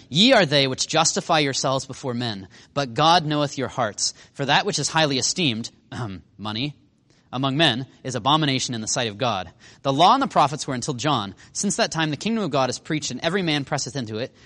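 Animated casual male preacher. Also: medium pitch. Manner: animated, acts out quotes with sarcasm, casual fillers. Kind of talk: sermon.

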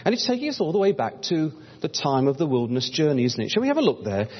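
Husky guy preaching, reads old scripture, calls everyone brothers and sisters, long echo in a hall, muffled lo-fi sound. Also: fairly high pitch, wildly swooping pitch, quick pace. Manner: addresses listeners as brothers and sisters; reads scripture aloud in old-fashioned wording. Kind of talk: Bible-study sermon. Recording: dull lo-fi recording in a reverberant hall.

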